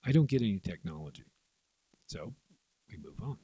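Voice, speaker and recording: A man's voice: sits low, big pitch swings, warm tone, breathy edge, no room sound, low-quality recording. A man walking through the rules of a tabletop game step by step, sometimes speaking the players' moves aloud. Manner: explains step by step, voices players' moves in quick asides. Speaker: board game teacher.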